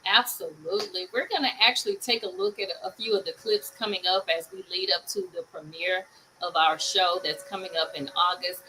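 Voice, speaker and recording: A woman's voice: mid-range voice, sharp tone, a little hiss or hum, rough recording. A woman hosting a casual talk show chat over a video call, upbeat and laughing often.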